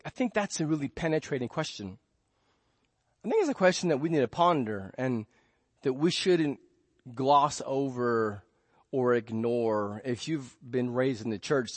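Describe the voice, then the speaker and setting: A man preaching a sermon as pastor, telling the story in a lively way and dropping to a soft hush when reading scripture. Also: medium pitch, no echo. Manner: animated storytelling, acting out panicked voices. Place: church.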